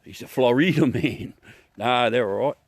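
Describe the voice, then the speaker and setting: Here a middle-aged Australian livestream host keeps up casual chat with live viewers, laughing, joking and swearing. The recording is echo-free, and his mid-range voice moves at a moderate pace.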